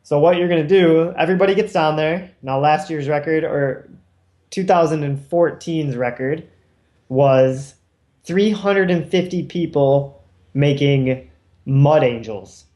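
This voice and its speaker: A man's voice: fairly high pitch, measured pace, warm tone. A man with a New York accent co-hosting a gaming podcast, rambling through a joking culture segment. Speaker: podcast co-host. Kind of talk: casual chat.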